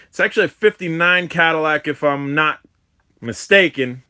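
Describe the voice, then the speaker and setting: Young male drone streamer, hyper and slangy, with a bright, forceful voice set a bit high; casual livestream chat. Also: moderate pace.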